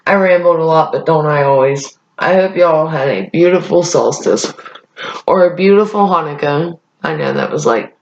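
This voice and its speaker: A woman's voice: low voice, normal speed. A young woman vlogger rambling in a casual chat, blunt and profane. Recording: echoey room, dull lo-fi sound.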